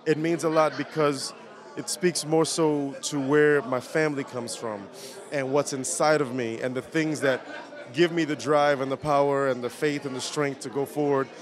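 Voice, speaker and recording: A man giving an animated red carpet interview at an outdoor event, often repeating words as he tells stories. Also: medium pitch, normal speed, a crowd in the background. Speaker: award honoree.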